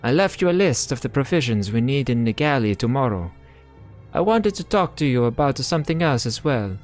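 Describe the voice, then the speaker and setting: An eager Italian ship's cook who whispers hurried confidences from the next bunk, his voice pitched well above a man's own low tone. He talks fast, slightly away from the mic, in a game playthrough, as a man plays him. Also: big pitch swings, darkish tone, faint music behind, close to an everyday voice. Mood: confiding. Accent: put-on Italian.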